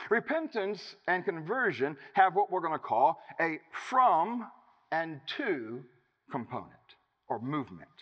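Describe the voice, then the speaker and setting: A man preaching a sermon as pastor, emphatic, with dramatic pauses. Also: a little high, fairly bright tone. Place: church. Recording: reverberant church hall.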